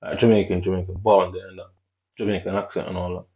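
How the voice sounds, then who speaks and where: A man tells his own story in a low, dark-toned voice, blunt and full of swearing. He acts out other people's words with sudden leaps in pitch. The recording is muffled and lo-fi. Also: flat delivery, quick pace. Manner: blunt and profane, acting out others' lines with sudden high jumps. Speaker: vlogger telling a personal story. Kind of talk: casual storytelling. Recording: dull lo-fi recording.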